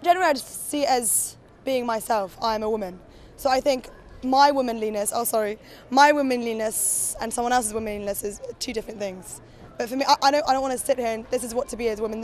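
A woman's voice: fairly high pitch, fast. A woman answering an interview question earnestly, stumbling and restarting. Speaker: student interviewee. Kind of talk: street vox pop answer.

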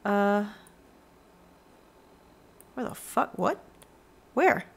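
A woman streaming a video game, chatting casually with viewers, sarcastic and profane, often breaking into loud laughter. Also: mid-range voice, very animated, drawn-out words, creaky. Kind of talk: casual let's-play commentary.

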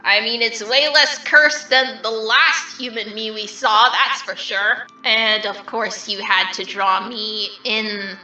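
A woman's voice: fairly high pitch, steady tone, slow pace, few pauses, sharp tone, echoey room, distant mic, exaggerated voice, poor audio. A woman voicing a vain, mischievous male triangle dream demon who reacts to fan art in a smug, theatrical, mock-offended way.

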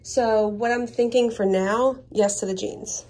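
A woman's voice: on the high side, fairly even intonation, measured pace. Chatty woman vlogging her day. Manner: chatty, thinking aloud, breaks into soft asides. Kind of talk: casual vlog chat.

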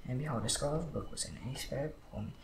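A man reading Bible passages aloud at a steady pace, with occasional slips and restarts. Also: mid-range voice, very fast, vocal fry. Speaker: Bible reader. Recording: echoey room with background noise.

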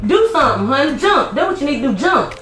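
A woman's voice: high voice, big pitch swings, quick pace, a bit bright. A woman doing a casual grocery haul vlog at home, sassy and teasing, scolding her kids between prices. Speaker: family vlogger. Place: home kitchen with children around. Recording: echoey kitchen, music underneath.

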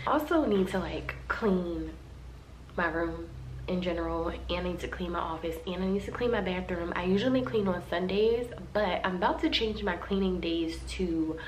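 A woman's voice: mid-range voice, a little hiss or hum, rough recording. Chatty woman vlogging to camera. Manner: chatty and rambling, addresses viewers as y'all. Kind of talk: casual vlog chat to camera.

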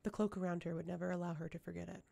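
Woman reading a fantasy audiobook, mellow dark voice, lots of vocal fry, steady pace. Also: fairly low pitch, very fast. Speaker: audiobook reader. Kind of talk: audiobook narration.

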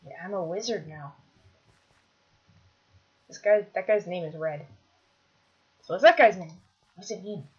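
A woman commentating her own gameplay, chatty, bursting into excited shouts when things go wrong. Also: fairly low pitch, a little slow, long pauses, dull audio. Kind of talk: Minecraft let's play commentary.

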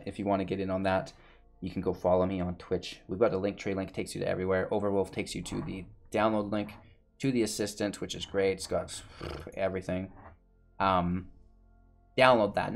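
A man giving casual gameplay commentary and a rambling channel outro, tired and a bit out of breath, with lots of fillers. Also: deep voice. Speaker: gaming YouTuber and streamer.

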